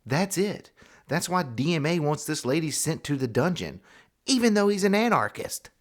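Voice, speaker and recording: Wry male commentary host, lively pitch. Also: moderate pace. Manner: wry, sarcastic remarks with short laughs. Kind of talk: scripted video commentary.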